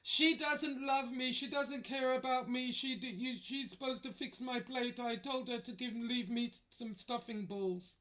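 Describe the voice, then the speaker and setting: A woman's voice: fairly high pitch, unhurried, few pauses, a bit bright, pitched above the performer's own voice. A woman doing a sobbing, whining grown man. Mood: wailing self-pity. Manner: whiny, sobbing complaints. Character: grown man wailing, sulking over food.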